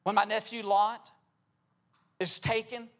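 High-voiced man preaching a sermon. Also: little pitch movement, takes it slowly, fairly bright tone. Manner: rhetorical questions, repeating phrases for emphasis.

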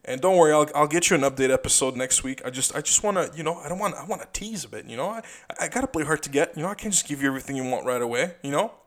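A man's voice: a little high, expressive, racing, hardly any pauses. Rambling young man, casual podcast talk. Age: young adult. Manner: rambling, full of fillers and repeated "you know", swears freely. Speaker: podcast host. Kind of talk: casual solo podcast monologue.

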